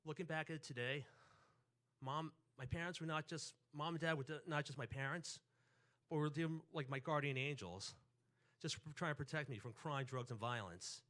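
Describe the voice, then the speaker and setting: Bright-voiced New storyteller. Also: male voice, fairly high pitch, moderate pace. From New York. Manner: animated, acts out quotes and family voices. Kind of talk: live personal storytelling.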